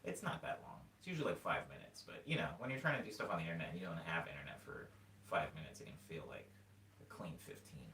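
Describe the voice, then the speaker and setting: A man's voice: rumbling low, quick pace, creaky, distant mic. Laid-back young man rambling to his chat. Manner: rambling, animated storytelling with filler words. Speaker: music streamer answering chat. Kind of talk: casual stream chat. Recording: echoey room, voice a bit off-mic.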